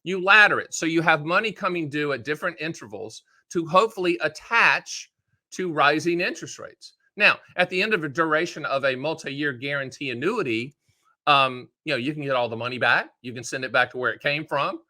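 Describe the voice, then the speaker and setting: A man with a bright, forward voice that sits a little higher than most men's hosts his own show about annuities. His delivery is casual and folksy, and he breaks up his explanations with joking asides and animated voices. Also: a little fast. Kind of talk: casual direct-to-camera explainer.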